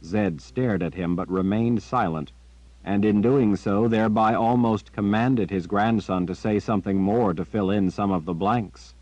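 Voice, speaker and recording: A man narrating an audiobook in a steady, measured storytelling manner. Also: fairly low pitch, no echo. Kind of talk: scripted narration. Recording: dry, dull lo-fi.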